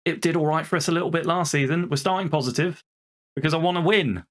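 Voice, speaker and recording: A man's voice: a little high, fast talker. A young man commenting casually on a football management game he plays, frustrated and swearing, talking to himself and his players. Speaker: video game streamer.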